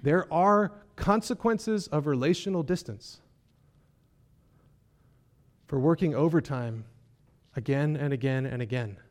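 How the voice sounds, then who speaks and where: A man's voice: on the high side, measured pace, long pauses. A man preaching a sermon in a conversational way, often checking in with the congregation with rhetorical questions. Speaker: pastor.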